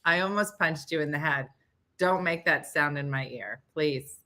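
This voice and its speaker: A woman's voice: deep voice, normal speed, pushed and bright. A middle-aged woman hosting a casual morning chat show, teasing her co-host and laughing often.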